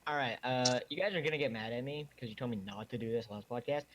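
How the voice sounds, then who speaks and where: A man's voice: mid-range voice, quick pace, slight background noise. A young man co-hosting a podcast, chiming in with teasing remarks. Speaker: podcast co-host. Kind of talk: casual chat.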